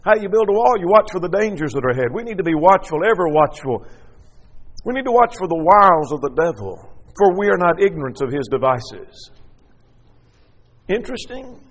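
A man's voice: a little high, long reverb tail. A man preaching a sermon with emphatic delivery, acting out quoted dialogue as he goes.

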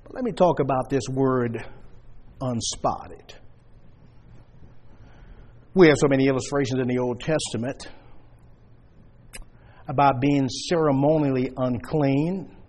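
A man preaching a sermon to a congregation, stressing points loudly and then dropping to quiet asides. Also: medium pitch, unhurried, pauses often. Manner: emphatic, swings between loud stresses and quiet asides. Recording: long reverb of a church hall.

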